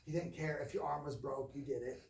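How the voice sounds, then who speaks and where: A man's voice: on the high side, fairly quick, vocal fry, slight background noise. Middle-aged man telling stories in a roomy space. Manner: rambling, self-correcting, animated when telling stories. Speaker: training speaker. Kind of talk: storytelling in a training talk. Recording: roomy distant mic, faint ambience.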